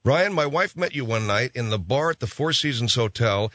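A man's voice: medium pitch, expressive, moderate pace, fairly bright tone, no room sound. A man hosting a radio talk show, rambling in a casual, offhand monologue full of restarts from a studio.

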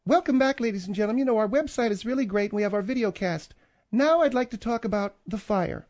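A man's voice: sits high, fast, darkish tone, voice pushed up, close to an everyday voice. A man voicing a fussy, bossy woman producer who nags and interrupts, in a comedy radio sketch. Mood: prim. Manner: nagging, interrupting, prim.

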